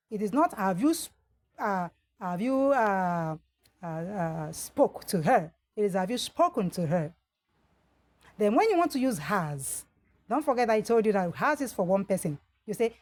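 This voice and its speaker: A woman from Nigeria with a Nigerian English accent, teaching a grammar lesson. She speaks slowly and deliberately, reads out model sentences and pauses often on "uh". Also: mid-range voice, very animated, a little mellow. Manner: slow, deliberate model sentences with frequent "uh" fillers.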